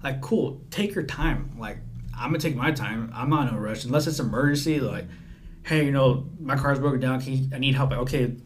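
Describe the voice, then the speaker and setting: A man's voice: medium pitch, a little fast, a little hiss or hum. An eighteen-year-old man, a podcast guest, talking casually and rambling as he acts out his text exchanges. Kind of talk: casual chat.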